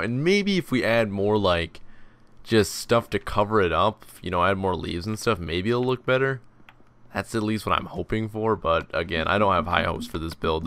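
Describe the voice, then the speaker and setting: A young man talks through his building game in a loose, rambling way, poking fun at himself. He is tired and yawns now and then. His voice sits a little low. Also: a bit bright, clear, resonant tone. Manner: rambling, self-deprecating, jokey asides. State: tired, yawning. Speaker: gaming channel host. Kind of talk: casual Let's Play commentary.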